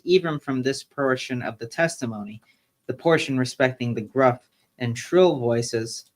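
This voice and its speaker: A man reads a classic tale aloud on a relaxed live stream. He takes the long, old-fashioned sentences at a steady, measured pace. His voice sits at an ordinary middle pitch. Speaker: co-host reading a classic story aloud.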